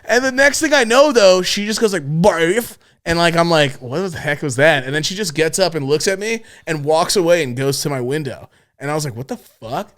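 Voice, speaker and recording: A man's voice: fairly high pitch, animated, a little fast, few pauses, fairly bright tone. A young man hosting a podcast, telling a crude story in a casual, rambling way with lots of swearing and fillers. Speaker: podcast host.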